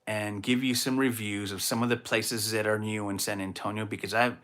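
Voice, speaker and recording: Bright-voiced man rambling as a podcast host. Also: on the low side, brisk. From Texas. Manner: rambling, animated storytelling with frequent restarts. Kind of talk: casual solo monologue.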